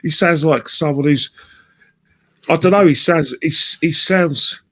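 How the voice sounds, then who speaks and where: A man's voice: on the high side, measured pace, a bit bright. A man talking as a podcast guest, rambling and chatty with many restarts. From England. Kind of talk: casual podcast chat.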